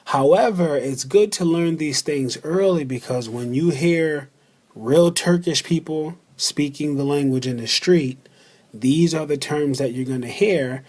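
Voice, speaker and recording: A man's voice, a little high and darkish in tone, guides a beginner language lesson over a slideshow. Deliberate and slow, he repeats words for the listener to practise.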